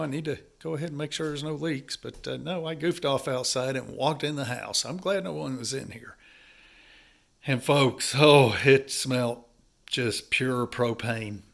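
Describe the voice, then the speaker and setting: A man's voice: fairly high pitch, normal speed, creaky, a bit bright. Folksy stuffy-nosed man. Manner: folksy, rambling, addresses viewers as folks. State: congested, stuffy nose. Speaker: home-building vlogger. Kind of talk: casual talk to camera while working. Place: house under construction, indoors.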